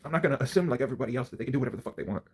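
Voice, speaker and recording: Angry and profane, a man rants to the camera on his own, swinging between low mutters and near-shouts. His delivery races along in a slightly rough voice.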